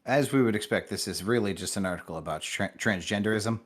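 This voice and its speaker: A man's voice: lowish voice, fast talker. A man co-hosting a podcast, telling casual stories with plenty of swearing. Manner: profane, excitable storytelling. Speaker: podcast co-host.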